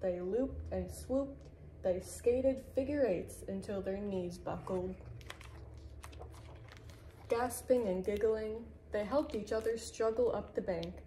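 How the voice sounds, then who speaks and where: A woman reading a children's picture book aloud at an unhurried pace, the way a librarian does at storytime. Her voice is mellow and warm-toned, gentle and even in its telling. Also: medium pitch, slight background noise, rough recording.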